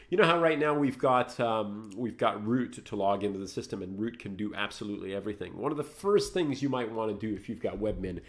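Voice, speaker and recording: A chatty man hosts a live screencast lesson with a middle-pitched voice, thinking aloud as he clicks through each step. He rambles and cracks jokes at his own slips. He also breaks off to greet viewers by name. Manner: jokey, rambling, thinks aloud while typing; greets and toasts viewers in the chat. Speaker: host of a live Linux tutorial show.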